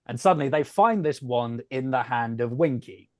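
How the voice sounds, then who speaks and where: A man patiently walks through a story recap in a casual podcast chat. His voice sits in a middle pitch and sounds dry and close, with no room around it. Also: animated, normal speed, darkish tone, no echo. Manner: explanatory, patient. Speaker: podcast co-host.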